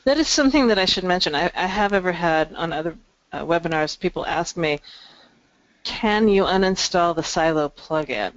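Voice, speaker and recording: A woman presenting a webinar, walking through a software demo with ums and restarts. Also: fairly low pitch, animated, normal speed, no room sound. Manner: explanatory, frequent ums and restarts. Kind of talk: screen-share software demo. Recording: dry, dull lo-fi call audio.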